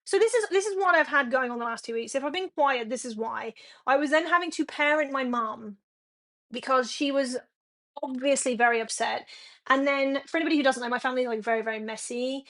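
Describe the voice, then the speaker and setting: A woman's voice: high-pitched, fairly quick, a bit bright. A young woman streaming from home, chatting frankly and swearing a lot as she rambles to her viewers. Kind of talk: casual chat to a live stream audience.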